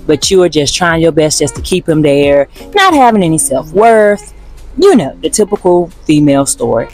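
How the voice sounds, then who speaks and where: A woman's voice: fairly low pitch, darkish tone. A woman giving a chatty vlog review, addressing her viewers as y'all. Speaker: vlogger reviewing shows.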